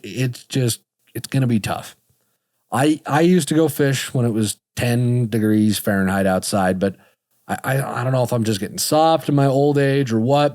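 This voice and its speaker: A man's voice: mid-range voice, darkish tone, no room sound. Male podcast host, easygoing and self-mocking, medium voice, dry sound. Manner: chatty, joking, self-deprecating. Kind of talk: casual podcast talk.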